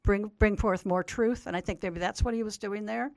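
An older woman teaching as a radio guest, retelling a Bible story in an earnest, explanatory way. Her voice sits at an ordinary pitch and sounds close and dry, with no room around it. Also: steady tone, moderate pace, no echo.

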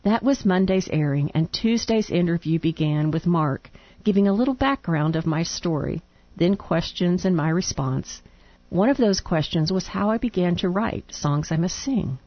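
Female radio co-host reading a letter on air, lowish voice, good-humored, dry muffled studio sound. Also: expressive, moderate pace, dry recording. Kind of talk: reading a listener letter aloud.

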